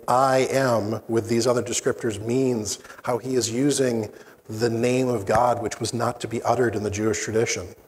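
A man preaching a sermon as pastor, slow and deliberate with dramatic pauses. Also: mid-range voice. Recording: long hall reverb.

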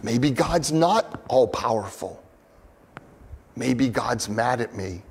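Male preacher, earnest sermon delivery, slow and deliberate, lively pitch swings. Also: in a large hall, slight background noise. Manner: earnest, expressive, acts out quoted pleas. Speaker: pastor.

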